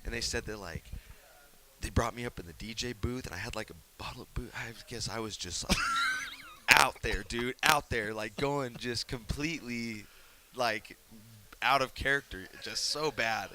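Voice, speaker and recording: Man telling a wild story, bright voice. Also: mid-range voice, normal speed. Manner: animated, laughing, acts out quotes in hushed whispers. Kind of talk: casual interview storytelling. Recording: faint hiss.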